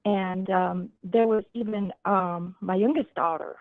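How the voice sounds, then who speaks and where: A middle-aged woman phones in to a livestream and talks slowly and wearily, pausing and sighing between thoughts. Her voice comes over a thin, tinny phone line. The sound is dry. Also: mid-range voice, steady tone, dry recording. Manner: slow and weary, with sighs and hesitations. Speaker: caller.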